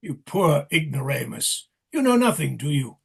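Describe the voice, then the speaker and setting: A man acting out a sardonic clown who mocks and commands the king. The gravelly, husky voice swings widely in pitch. It sits a little high for a man, and he pushes the king to say his lines. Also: sing-song, normal speed, exaggerated voice. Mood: wry. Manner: teasing, directive, sardonic. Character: wry mocking male clown, teacher of the king. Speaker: actor in rehearsal. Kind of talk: play rehearsal reading.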